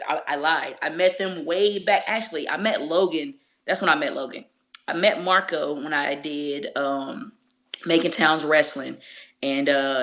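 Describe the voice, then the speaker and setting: A wrestler guest with a fairly low voice tells animated stories in a casual interview, packed with slang and profanity. The dull, lo-fi recording takes the crispness off her words.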